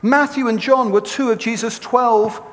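A man giving a sermon to a live audience, telling stories in an animated, conversational way. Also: extremely high pitch, normal speed. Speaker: speaker. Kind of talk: sermon with storytelling. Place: large hall with an audience. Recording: long reverb in a hall.

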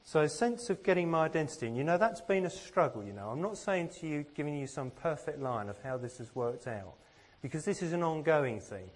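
A man's voice: a little high, big pitch swings, a little fast, few pauses. A man from England giving a sermon, earnest and self-deprecating, with plenty of rhetorical questions. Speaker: preacher.

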